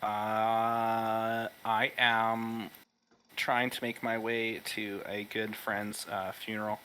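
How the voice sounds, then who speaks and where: A man's voice: on the low side, little pitch movement, slow pace, bright, forceful tone, smooth. A man playing a tabletop game, talking casually with hesitant fillers. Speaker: player. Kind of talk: tabletop game role-play.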